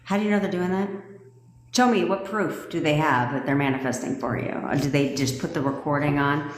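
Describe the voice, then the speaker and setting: A woman's voice: sits low, fairly quick. A woman coaching manifestation on a phone livestream, ranting in a blunt, profane way. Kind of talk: livestream rant. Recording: echoey room with long reverb.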